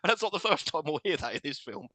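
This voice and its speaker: A man's voice: fairly high pitch, very animated, fast, bright, forceful tone, dry recording. A British man co-hosting a podcast, animatedly retelling film scenes with frequent laughter in casual chat. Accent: British English. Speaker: podcast co-host.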